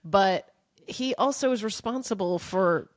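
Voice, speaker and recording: A young adult woman co-hosting a podcast, telling a story in an animated, chatty way. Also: mid-range voice, unhurried, no echo, clean studio sound. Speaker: podcast co-host. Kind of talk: casual chat.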